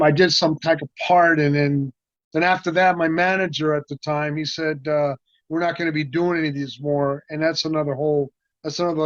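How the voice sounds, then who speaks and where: Here a fairly high-pitched man, an interview guest who works as a martial arts actor, rambles animatedly through casual stories while imitating the voices of those involved. There's no room sound, and the recording is dry, muffled and lo-fi.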